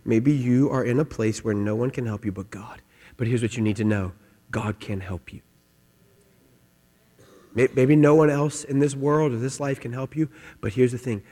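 A middle-aged man preaching a sermon, telling a comic story with shouted quotes, then dropping soft and low for the message. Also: a little fast. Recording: long hall reverb.

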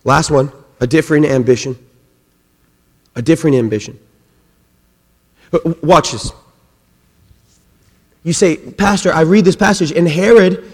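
A man preaching a sermon as pastor, swinging between loud, forceful passages and quiet ones. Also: high-pitched, long reverb tail.

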